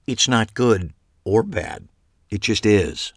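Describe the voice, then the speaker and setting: A male audiobook narrator voicing a wry, deadpan woman police detective. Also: medium pitch, slow, no echo, clean studio sound, pitched above the performer's own voice, exaggerated voice. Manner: deadpan, matter-of-fact.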